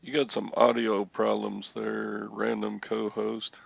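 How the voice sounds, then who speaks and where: Gravelly slow-talking man hosting a livestream. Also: on the low side, completely flat delivery, lo-fi sound, background noise. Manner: joking, rambling, chuckles often. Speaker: livestream host. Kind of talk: casual livestream chat.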